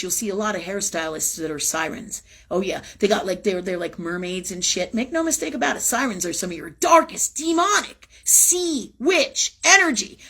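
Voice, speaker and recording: A woman hosting a spiritual live talk show, talking bluntly and with lots of swearing, swinging from low, intense stretches to loud outbursts. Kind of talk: casual spiritual monologue. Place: at home, livestream.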